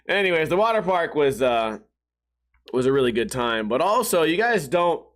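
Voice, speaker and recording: This podcast host is a young man whose voice is a little high and a bit bright, very animated yet a little slow. His casual storytelling monologue is full of swearing, and he laughs at his own jokes.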